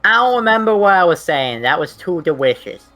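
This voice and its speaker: A woman's voice: fairly low pitch, very animated, brisk, a bit bright. A woman voicing a cheerful, childlike character in a tabletop game with a playful manner. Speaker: tabletop player.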